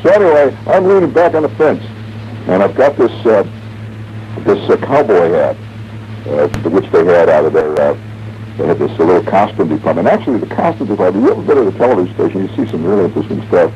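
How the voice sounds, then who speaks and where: A man's voice: low-pitched, expressive, quick pace, mellow. Wry rambling radio storyteller man. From American Midwest. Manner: rambling, wry storyteller who hums and mimics sounds. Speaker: radio host. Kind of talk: late-night radio monologue. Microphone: studio radio mic. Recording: dull, muffled 1970s radio broadcast with faint hiss.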